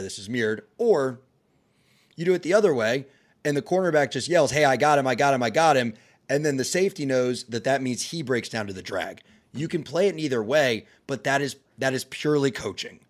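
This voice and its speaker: A man hosting a casual sports talk show, explaining plays step by step and getting animated when he is excited. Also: medium pitch. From American South family. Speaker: podcast host. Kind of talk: casual sports analysis chat.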